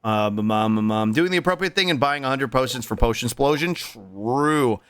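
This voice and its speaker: A man's voice: mid-range voice, expressive, normal speed, a bit bright, slight background noise. A man streaming a role-playing game, goofing around, swearing, and humming nonsense syllables. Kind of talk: casual game commentary.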